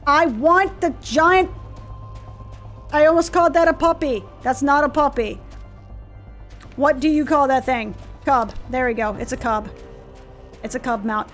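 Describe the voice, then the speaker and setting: A woman streamer with a high voice, playing a game and reading its dialogue aloud between sarcastic asides. She talks playfully and swears freely. Faint music runs underneath. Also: normal speed, pauses often.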